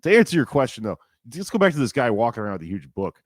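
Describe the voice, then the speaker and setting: A man in his forties co-hosting a podcast, chatting casually in a rambling, animated and profane way. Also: medium pitch, racing, no room sound, studio quality. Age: 40s. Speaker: podcast co-host.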